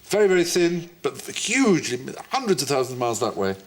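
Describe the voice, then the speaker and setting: A man's voice: fairly high pitch, very animated, fast talker. A man hosting a comedy quiz panel show, telling playful anecdotes in a wry manner. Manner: wry, playful, storytelling delivery.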